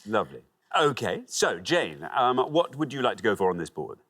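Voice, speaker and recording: A man's voice: fairly low pitch, very animated, normal speed, fairly bright tone. A man hosting a TV quiz show, chatty and jovial with the contestants. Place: TV studio.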